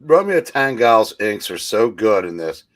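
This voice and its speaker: A man's voice: fairly low pitch, sing-song, unhurried. A man in a casual comic chat, teasing the others with dry remarks.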